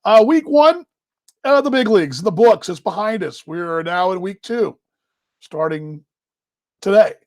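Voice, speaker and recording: An American man hosting a live baseball talk show, chatty and energetic, rambling with fillers. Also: high voice, a little slow, long pauses. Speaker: podcast host. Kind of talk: casual live sports talk.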